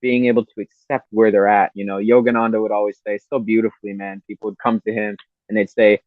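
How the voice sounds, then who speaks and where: A man's voice: on the low side, little pitch movement, fast, no room sound. A man, a podcast guest, giving earnest, rambling spiritual advice full of "you know" and "man". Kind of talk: spiritual talk in casual interview. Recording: tinny phone-like line.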